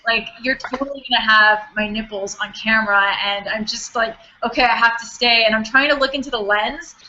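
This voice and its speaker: A woman's voice: on the high side, a little fast, bright, forceful tone, lo-fi sound, a little hiss or hum. A woman guest in a casual chat, giggly and chatty, saying "like" a lot.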